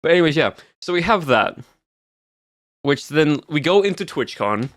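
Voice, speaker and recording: A man's voice: fairly high pitch, very animated, moderate pace, fairly bright tone, dry recording, clean studio sound. A man streaming, chatting casually with his viewers in a rambling way with many fillers and answers to chat.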